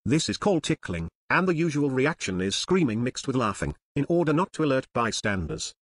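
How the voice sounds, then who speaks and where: Husky man narrating dryly. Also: mid-range voice, sing-song, brisk, dry recording. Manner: dry explanatory tone, as if an outsider lecturing. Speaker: narrator of an educational series. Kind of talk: scripted deadpan comic narration.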